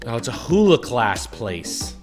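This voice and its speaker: A man's voice: mid-range voice, very animated, a little slow, over music. A man in his thirties, a streamer, telling crude, rambling comedic stories in casual chat. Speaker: streamer and host.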